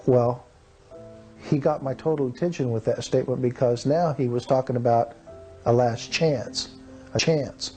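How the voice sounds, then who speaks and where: A man's voice: medium pitch, fairly even intonation, moderate pace, mellow, faint music behind. A man in his fifties from Texas, telling his personal testimony in an earnest, dramatic way and acting out the people in his story. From Texas, USA. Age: 50s. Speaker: testimony speaker.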